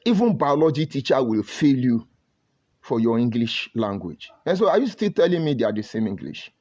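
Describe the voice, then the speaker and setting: Speaking on the high side with a darkish tone, a Nigerian-accented commentator launches into a heated, scolding monologue full of rhetorical questions. The recording sounds dull and lo-fi.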